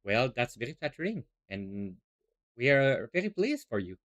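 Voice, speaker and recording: A man voicing a gentle, polite young woman assistant who speaks softly and reassuringly. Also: mid-range voice, very animated, normal speed, pitched below the performer's own voice.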